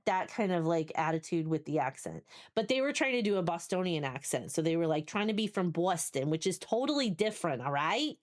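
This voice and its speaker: A woman's voice: fairly low pitch, animated, normal speed. A woman with a New Jersey accent streaming a game, chatting with her viewers in a casual, swearing, talkative way. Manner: chatty, swears, talks to chat, restarts often. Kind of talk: casual live stream chat.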